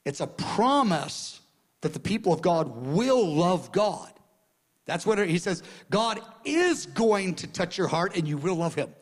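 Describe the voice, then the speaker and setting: A man preaching a sermon in an earnest way, repeating phrases and swinging from quiet murmurs to loud outbursts. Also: sits high, big pitch swings, a little slow.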